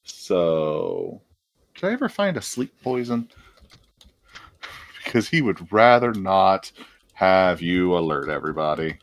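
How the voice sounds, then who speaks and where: Man, game master, tabletop game, laid-back, chuckling, lively pitch, dry sound. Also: takes it slowly, pauses often, no echo.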